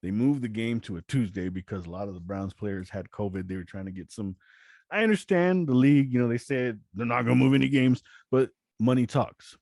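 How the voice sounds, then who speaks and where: A podcast host chats casually, telling stories energetically in a mid-range, fairly quick voice. He stammers when restarting sentences, and the studio sound is clean with no room echo.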